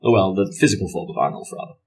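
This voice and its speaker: A man's voice: deep voice, expressive, very fast, slightly rough. A man running a tabletop game as game master, self-mocking and laughing often as he narrates.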